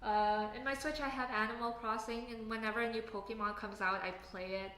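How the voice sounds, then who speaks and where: Woman, casual livestream chat, bright voice, echoey room. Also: a little high, brisk. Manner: relaxed, chatty, answers viewer questions. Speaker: streamer reading viewer questions.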